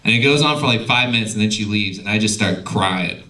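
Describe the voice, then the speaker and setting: A young male stand-up comedian telling profane, animated stories on a comedy club stage into a handheld mic. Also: fairly low pitch, brisk. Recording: loud noisy live club recording.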